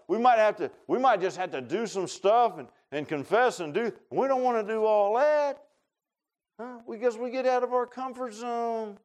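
Animated preacher, man. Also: sits high. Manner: animated preaching with call-and-response asides. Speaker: pastor. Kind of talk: sermon. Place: church sanctuary.

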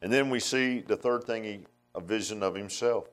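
A man preaching a sermon in a folksy, conversational way, swinging between emphatic outbursts and hushed asides. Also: lowish voice, normal speed.

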